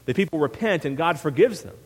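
Animated male pastor preaching in a hall. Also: on the high side, fast, breathy edge. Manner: animated storytelling with frequent "right?" asides. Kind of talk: sermon. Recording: long reverb of a hall.

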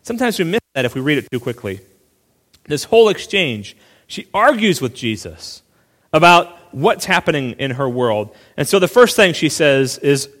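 A male pastor preaching a sermon in a relaxed, conversational way, full of asides and quick restarts. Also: a little high, big-room sound.

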